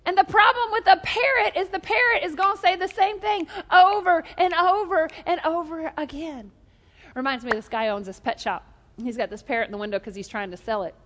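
A woman preaching a humorous sermon, animated and joking, drawing the congregation into call-and-response. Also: high-pitched, big-room sound.

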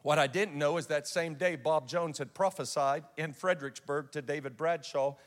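A man's voice: fairly high pitch, moderate pace, in a large hall. A man preaching a sermon and telling a personal story in an earnest way, often restarting his sentences. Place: church sanctuary.

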